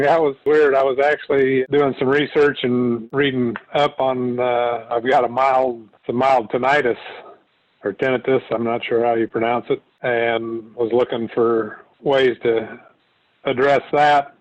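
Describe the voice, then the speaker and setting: A man's voice: mid-range voice, fairly even intonation, unhurried. A man talking casually as an interview guest, rambling with many restarts and fillers. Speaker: guest sharing his weight loss story. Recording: tinny phone-like line.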